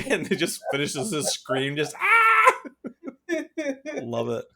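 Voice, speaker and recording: A man's voice: medium pitch, animated, normal speed, creaky, fairly bright tone. A man co-hosting a podcast in casual chat, rambling with many fillers and frequent laughter. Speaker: podcast co-host.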